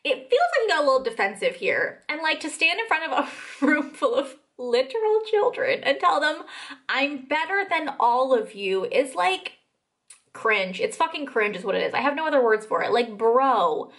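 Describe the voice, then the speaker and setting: A woman's voice: high voice, very animated, normal speed, fairly bright tone. A young adult woman giving a casual commentary vlog, blunt, swearing, with frequent "like" fillers. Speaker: commentary vlogger.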